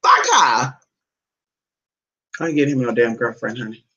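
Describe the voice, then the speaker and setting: A vlogger at home chatting to the camera and a pet dog, cursing freely, calling everyone honey and jumping into a squeaky high voice to tease the dog. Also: sing-song, unhurried, sharp tone, highs cut off. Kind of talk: casual, profane home vlog. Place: indoors at home. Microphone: phone or camera set down nearby.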